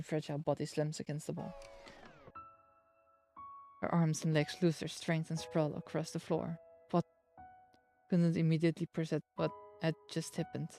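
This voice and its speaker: A young woman streamer reading a story game aloud, steady in the narration and breaking into excited outbursts. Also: low voice. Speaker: virtual streamer. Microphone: streaming mic. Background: soft game music.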